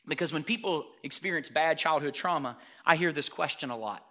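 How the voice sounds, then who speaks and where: A male pastor preaches a sermon to a congregation in a high, bright voice. He drops into hushed, close asides, then climbs to loud, emphatic declarations. The voice stays crisp and forward throughout. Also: brisk. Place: church hall before a congregation.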